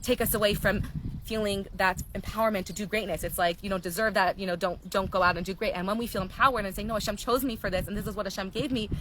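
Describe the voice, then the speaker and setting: A woman teaching a live class, telling stories in an animated, earnest way. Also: mid-range voice, quick pace, background noise. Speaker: Torah teacher.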